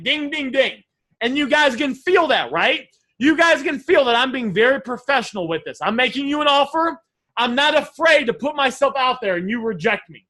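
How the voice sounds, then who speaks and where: A man coaching a live class on sales offers, energetic and repetitive, often calling his listeners guys. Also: very high-pitched. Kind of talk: live online teaching session.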